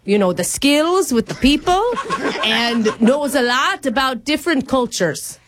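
A woman's voice: high voice, animated, unhurried, background noise, pitched below the performer's own voice. A radio host voicing a boastful, tipsy woman with a put-on Australian and Irish accent in a prank call, laughing as she talks. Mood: rowdy, boastful. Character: boisterous fake Aussie-Irish woman, tipsy braggart.

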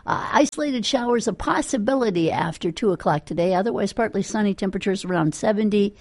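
A woman's voice: mid-range voice, fast, a little mellow, dry recording, studio quality. Chatty small-town rock radio DJ woman. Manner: chatty, rambling, with many fillers. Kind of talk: casual radio DJ patter with ads and weather. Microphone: studio microphone.

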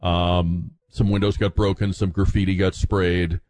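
A low-voiced male talk radio host speaks in an opinionated monologue. His tone is sarcastic and he often restarts his sentences as he works through his points. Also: flat delivery, unhurried, darkish tone.

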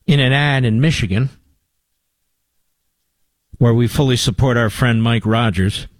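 A man's voice: mid-range voice, unhurried, dry recording. An older man hosting a talk radio show, with a combative, sarcastic monologue and mocking asides to his producer.

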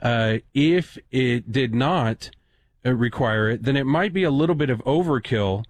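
A man's voice: medium pitch, a little slow, slight background noise. A man hosting a call-in talk radio show in a studio, chatty and self-deprecating, with plenty of uh and um as he answers callers. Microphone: studio microphone.

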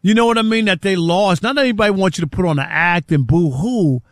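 A man's voice: high voice, quick pace, dry recording, clean studio sound. An older man hosting a sports talk show, speaking in casual, rambling sentences and often repeating words as he starts a thought. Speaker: sports radio host.

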